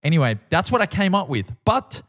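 A man with an Australian accent, a podcast host telling a story in a casual, animated, profane and self-mocking way. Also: fairly high pitch, brisk.

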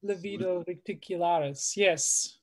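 A woman from Australia, a doctor, joining a casual podcast as a guest, chiming in with quick agreement and precise medical terms. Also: fairly low pitch, a little mellow, husky, low-quality recording. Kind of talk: casual comedic chat.

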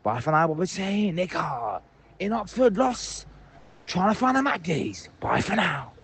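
Out in public at a busy train station, a man phones in angry voicemails, ranting and swearing with real passion. His voice is high-pitched and sing-song, unhurried, fairly bright and edged with breath.

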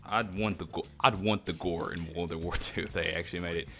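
A man's voice: sits low, fairly even intonation, brisk, a bit bright. A young man chatting casually on a gaming podcast, rambling with restarts and casual swearing. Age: young adult. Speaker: podcast co-host. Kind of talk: casual chat.

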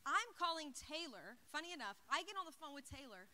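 A young woman giving a youth service message, telling a story in an excited, chatty way with lots of "like" into a handheld mic. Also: high voice, a little fast. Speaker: youth speaker.

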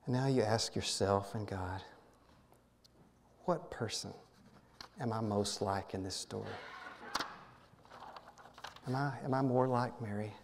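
A man serving as minister, leading a guided prayer meditation in a gentle, halting way, often repeating words and dropping to a soft hush. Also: fairly low pitch, big-room sound, a little hiss or hum. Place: church sanctuary.

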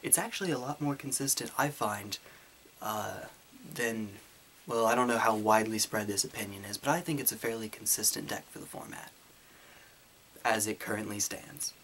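A man with a light Southern US twang, answering viewer questions in a casual Q&A while holding his voice deeper and fuller than usual. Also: moderate pace, fairly bright tone, slight background noise. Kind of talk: casual Q&A monologue.

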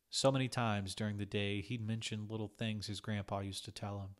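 A man narrating a short story in a calm, measured reading. His voice sits a little low and steady. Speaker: reader.

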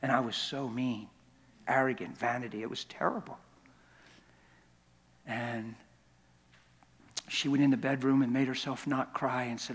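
A man's voice: medium pitch, fairly even intonation, a little slow, long pauses, breathy edge. A man preaching a sermon in a large church, telling his story in an impassioned, confessional way. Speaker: guest preacher. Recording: long church reverb.

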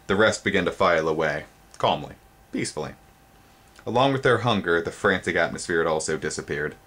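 A man with a deep voice reads a storybook aloud with theatrical flair, his pitch leaping up on exciting words and slowing to linger over them. Now and then he pauses to show the pictures in the book.

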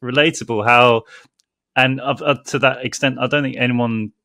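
A man's voice: medium pitch, steady tone, moderate pace, bright, forceful tone. A man co-hosting a podcast who asks questions in casual chat and laughs easily. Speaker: podcast co-host.

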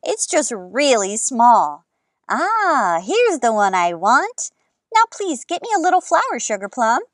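A woman voicing a kindly grandmother who gently coaxes her granddaughter while they bake together. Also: fairly high pitch, big pitch swings, slow, no echo, clean studio sound. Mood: gentle. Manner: gentle, coaxing.

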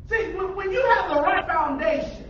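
A man preaching a call-and-response sermon to a congregation, animated and calling out questions for them to answer. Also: extremely high pitch, normal speed, slight background noise. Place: church hall with a congregation. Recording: echoey room from far off, dull lo-fi.

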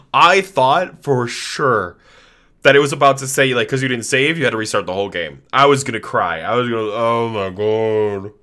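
Male streamer, bright, forceful voice, animated and foul-mouthed while he plays. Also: medium pitch. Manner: animated, swears a lot, talks to game characters. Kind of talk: live gaming commentary.

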